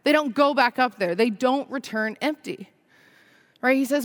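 High-voiced woman giving a chatty sermon. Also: moderate pace. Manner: chatty, frequent "right?" and "like", laughs while telling stories. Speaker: preacher. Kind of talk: conversational sermon.

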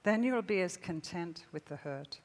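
In a big hall with long reverb, a woman preaches a sermon that includes a story read aloud, her voice on the low side and at normal speed. She reads expressively, rising loud and then dropping to a hush.

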